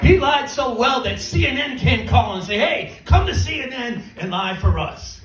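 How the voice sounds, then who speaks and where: A middle-aged man with an extremely high, animated voice performs stand-up at normal speed in a small club, over music. He tells self-mocking stories with punchlines, picked up by a distant mic in a roomy venue as the crowd laughs.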